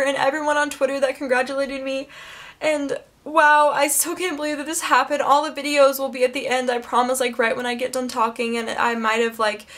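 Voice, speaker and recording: A woman's voice: high voice, fairly bright tone. A teenage girl vlogging, gushing with many fillers and close to tears. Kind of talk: emotional casual vlog.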